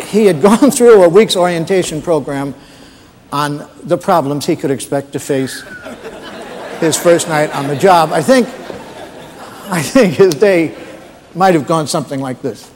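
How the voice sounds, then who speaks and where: Man, stand-up comedian, halting, filler-heavy, somewhat high pitch, hall reverb. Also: a crowd in the background, background noise. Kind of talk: stand-up set-up.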